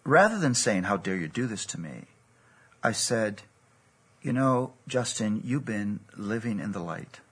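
A man's voice: on the low side, very animated, measured pace, a bit bright. A man preaching a sermon, telling a personal story in an earnest, storytelling way. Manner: gravelly, husky, earnest storytelling.

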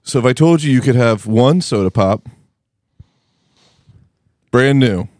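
A man's voice: mid-range voice, lively intonation, unhurried, a little mellow, no room sound. A man co-hosting a casual podcast in a basement studio, cracking rowdy, crude jokes. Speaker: podcast co-host. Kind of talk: casual chat.

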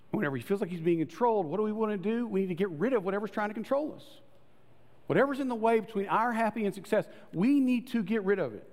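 A man preaching a sermon in a conversational way, acting out the people in his stories. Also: a little mellow. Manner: conversational preaching, acts out voices with rising pitch. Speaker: pastor. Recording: long hall reverb.

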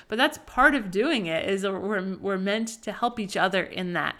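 Woman, 30s, host of a Christian parenting show, chatty and sincere, mid pitch. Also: normal speed, few pauses, a bit bright. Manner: earnest, conversational, with frequent "like" and "right?". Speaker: podcast host. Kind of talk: faith-based parenting talk.

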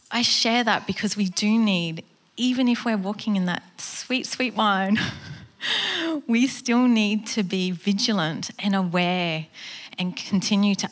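A woman's voice: mid-range voice, a bit bright. Earnest woman telling her faith story. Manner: earnest, conversational storytelling with acted quotes. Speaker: guest speaker. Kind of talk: personal testimony sermon.

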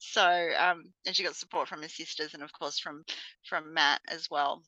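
A woman, co-hosting a casual chat and telling lively stories with acted-out voices and laughter. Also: low-pitched, brisk, dry recording, lo-fi sound. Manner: animated storyteller, acts out voices with laughs. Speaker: podcast co-host.

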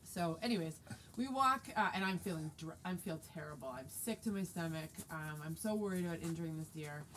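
A woman in her forties telling a story casually and lively, acting out quoted dialogue. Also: low voice, a little fast, a little hiss or hum. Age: 40s. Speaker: guest telling a hunting story.

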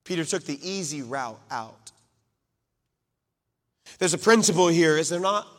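Male preacher with a high, bright voice, recorded in a hall with long reverb, dramatic dynamic swings. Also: expressive, a little slow. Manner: dramatic swings from loud to hushed, acting out quotes. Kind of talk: sermon.

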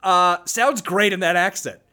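A man's voice: high-pitched, a little slow, sharp tone. An American man co-hosting a podcast, chatting casually, laughing often and swearing freely. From United States. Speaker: podcast co-host.

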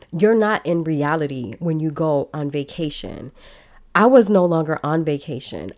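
A woman's voice: deep voice, darkish tone. A woman podcast host telling a personal story in a casual, chatty way, talking straight to her listeners.

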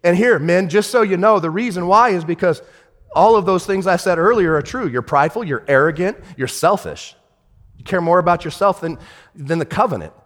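A man pastor preaching with a high, ringing voice. He swings from shouted, stern rebukes down to near-whispered, tender storytelling. His voice trails off into a long reverb, as in a large hall. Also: expressive, fairly quick. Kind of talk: sermon.

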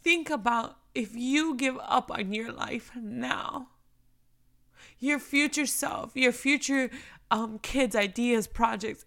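A young woman giving a heartfelt, emotional faith talk, speaking earnestly and moving between near-whispers and loud emphasis. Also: on the high side, slow pace, gravelly.

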